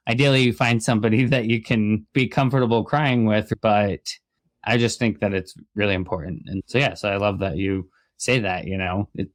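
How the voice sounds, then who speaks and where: A man hosts a casual interview show, nodding along and affirming his guest before he poses long questions. His voice is low. The sound is dry and close. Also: fairly even intonation, moderate pace, no room sound. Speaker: podcast host.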